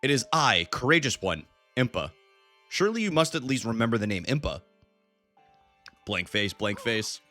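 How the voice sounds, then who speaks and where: A man's voice: medium pitch, sing-song, moderate pace, pauses often, bright, forceful tone, faint music behind. A man reading a grave, formal old female elder's game lines in his own voice. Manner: formal, read plainly off the screen.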